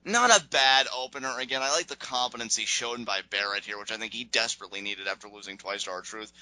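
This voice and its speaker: Bright-voiced man recapping wrestling. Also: mid-range voice, no echo, poor audio. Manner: animated, acts out wrestlers' lines. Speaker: wrestling podcast co-host. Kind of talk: casual recap chat.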